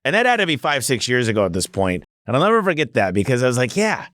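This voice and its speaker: A man's voice: medium pitch, big pitch swings, very fast, fairly bright tone, no room sound, clean studio sound. A man hosting a podcast interview, telling an anecdote in a conversational way. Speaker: podcast host. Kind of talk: casual interview talk.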